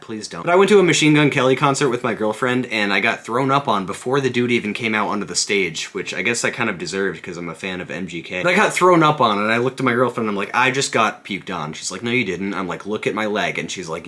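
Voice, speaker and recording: Young male vlogger, bright voice, comic self-deprecating storyteller. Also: mid-range voice. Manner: joking, animated, self-deprecating. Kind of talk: casual storytelling vlog.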